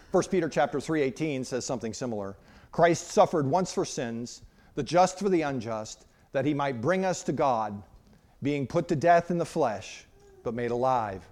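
A man preaching an expository sermon, asking the congregation questions and answering them himself. He swings between loud emphasis and soft, quiet passages. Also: on the high side. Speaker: pastor.

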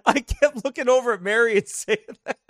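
A man telling casual stories over travel photos, animated and quick to laugh. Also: extremely high pitch, dry recording, studio quality. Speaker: vlogger showing travel photos. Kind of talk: casual storytelling.

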